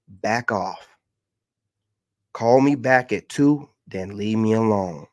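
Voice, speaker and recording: A man's voice: fairly low pitch, slow, darkish tone, no room sound, studio quality. A man, a content creator venting in a heated, mocking rant. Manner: exasperated, ranting, mocking.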